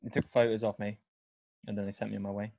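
A man's voice: on the low side, flat delivery, fast talker, vocal fry, no echo. A young man, a podcast guest telling a story in casual, self-deprecating chat. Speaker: guest cyclist. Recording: dry, slightly dull audio.

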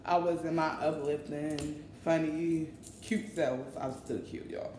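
A woman's voice: low voice, steady tone, a little slow, dark tone, reverberant, slight background noise. A woman vlogger talking casually and informally to her viewers, often calling them y'all. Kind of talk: casual vlog chat. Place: in line at a shopping mall coffee shop.

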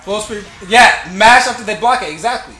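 A man streaming a fighting game, giving excitable running commentary and trash talk between laughs. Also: high voice, normal speed. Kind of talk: live gameplay commentary. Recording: roomy echo with faint game music.

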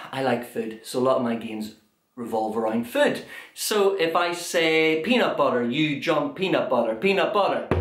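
A high-voiced young man runs a children's drum class, chanting lines in a bouncy sing-song. His voice rings in an echoey room over a clear, steady percussion beat. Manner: bouncy, sing-song call and response, playful. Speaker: children's drum workshop leader. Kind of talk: energetic kids' music lesson with chanting.

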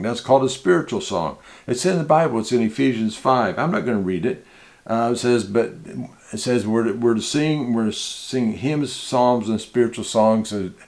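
A man's voice: medium pitch, darkish tone. A man preaching a conversational sermon to a small church, teaching in an informal way with frequent restarts and repeated words. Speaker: pastor.

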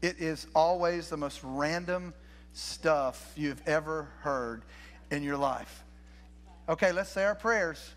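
A man's voice: fairly high pitch, slow pace, fairly bright tone. An older man preaching a sermon as pastor in a church, folksy and conversational, restarting phrases and asking the congregation questions. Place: church sanctuary.

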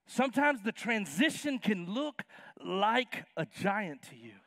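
A man's voice: high-pitched, measured pace, dry recording, clean studio sound. A man in his fifties preaching a sermon as pastor, acting out Bible characters in casual slang. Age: 50s. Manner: animated, acts out Bible characters in slangy voices. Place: church sanctuary.

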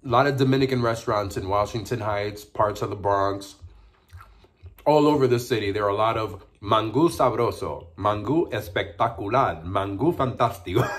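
A man with a fairly low voice talks through a casual eating vlog at home. He chats easily between bites and hums with pleasure as he savors the food. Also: normal speed. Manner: chatty, savoring food with frequent mm sounds. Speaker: mukbang vlogger.

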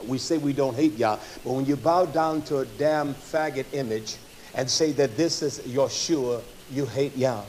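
A man preaching a fervent sermon, swinging from loud, forceful passages to low, quiet stretches, with many filler sounds between phrases. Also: slight background noise. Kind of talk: fiery sermon.

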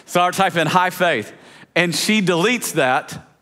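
A man preaching a sermon as a pastor, telling a family story in a chatty, lively way with many fillers and restarts. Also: high-pitched, moderate pace. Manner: lively storyteller, laughs along.

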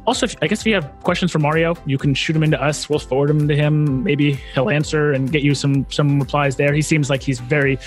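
A man's voice: fairly high pitch, steady tone, fast, hardly any pauses, faint music behind. A man hosting a podcast, talking in an enthusiastic, laid-back way and calling his guest "man" and "dude". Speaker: podcast host. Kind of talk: casual interview chat.

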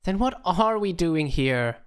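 A man's voice: on the high side, lively intonation, slow, smooth, voice pushed up. A man voicing a sarcastic young woman with a dry, mocking delivery in an audiobook. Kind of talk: audiobook character voice.

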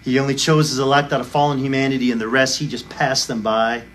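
A man's voice: mid-range voice, level tone, quick pace, fairly bright tone, slight background noise. A male pastor preaching a sermon, arguing emphatically and firing off rhetorical questions. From United States.

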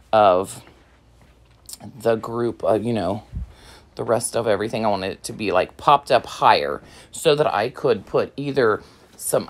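A woman talks her viewers through a craft project at her home table in easygoing, rambling fashion, full of ums and you-knows. Her pitch swings up and down in a lively way. She sounds slightly out of breath. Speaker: craft vlogger. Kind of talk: casual crafting tutorial talk.

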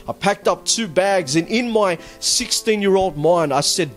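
A man giving a personal church testimony. He speaks earnestly and haltingly, often repeating words as he goes. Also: high-pitched, expressive. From Australia. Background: faint background music.

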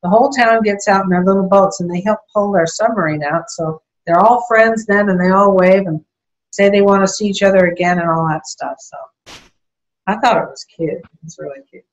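A woman's voice: medium pitch, fairly quick, dull audio. An older woman chatting casually as an interview guest, rambling through a story with small laughs. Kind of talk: casual conversation.

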